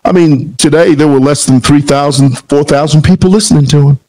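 A Zambian political commentator with a somewhat high, mellow voice speaks fairly quickly over poor audio. His reaction commentary is heated, combative and rhetorical, and he repeats phrases for emphasis.

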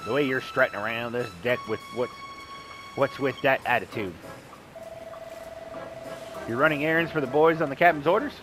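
A man's voice: mid-range voice, moderate pace, long pauses, lightly acted, low-quality recording. A man voicing a cocky, mocking male skeleton sailor in a put-on Southern accent over game music. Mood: taunting. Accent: put-on American Southern. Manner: taunting, brash, cackling laugh.

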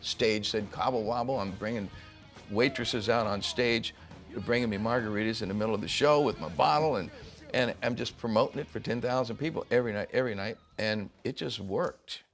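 A man's voice: on the low side, brisk, faint music behind. An older man, a rock musician, telling stories in a casual interview, laughing often and acting out the voices of people he quotes.

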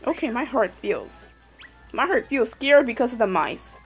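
Young woman, high voice that jumps all over, excitable casual game commentary, faint music underneath. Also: moderate pace, poor audio. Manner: excitable, yelling at the game, repeating no. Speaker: gameplay commentator.

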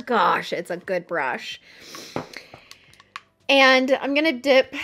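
A woman's voice: fairly high pitch, pushed and bright. A woman chatting casually while doing her makeup for a get-ready-with-me video, chatty and self-mocking. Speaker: beauty vlogger.

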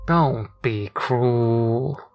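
Man voicing undead rock star, slow drawl, sluggish, dragging delivery. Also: medium pitch, darkish tone, soft background music.

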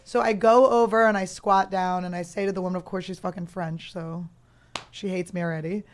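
A woman in her thirties hosting a comedy podcast, telling a story in a loose, animated way and laughing often. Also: fairly low pitch, a little fast. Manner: animated, laughing, talks over her guest. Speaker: podcast host.

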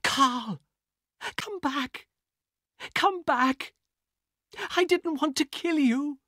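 A man voicing a desperate, frightened young woman in a storybook, speaking high and pleading. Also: slow, pushed and bright, breathy edge, no room sound, clean studio sound, exaggerated voice. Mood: anguished.

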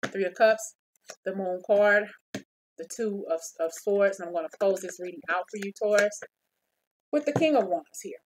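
A woman's voice: medium pitch, normal speed, slight background noise, rough recording. Woman giving a casual tarot reading. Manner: talks straight to the listener, repeats phrases, stops and starts. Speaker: tarot reader.

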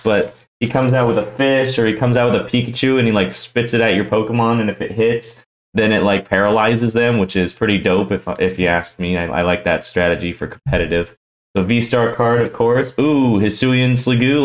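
A young man hosting a casual card-opening vlog, slangy and excitable, tossing "yo" into his talk. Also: fairly low pitch, moderate pace, roomy sound, poor audio. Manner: excitable, slangy, says "yo" a lot. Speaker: YouTube card-opening host.

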